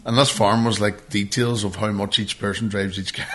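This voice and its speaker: A man's voice: on the low side, normal speed. A man co-hosting a podcast, telling a long story in casual chat, swearing and laughing as he goes. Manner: swearing, laughing, animated anecdote. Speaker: podcast co-host.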